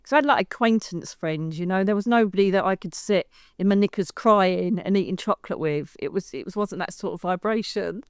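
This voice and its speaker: A middle-aged English woman, a psychic medium guest, telling a personal story in a lively way and acting out the voices she quotes. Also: mid-range voice, brisk, hardly any pauses, clear, resonant tone, no echo, studio quality. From United Kingdom. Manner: lively, acts out quoted voices, says "darling".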